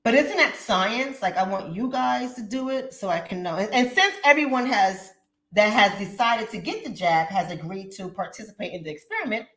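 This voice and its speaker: A woman hosting her channel, chatting casually and talking straight to her viewers in an animated way. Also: mid-range voice, normal speed. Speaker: channel host. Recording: roomy echo.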